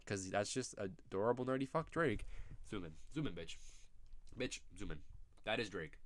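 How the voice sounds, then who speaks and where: Young male commentary host, rambling profane rants, low-set voice, dead-dry sound. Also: smooth, no echo. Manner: sudden loud outbursts. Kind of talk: casual commentary reacting to pictures.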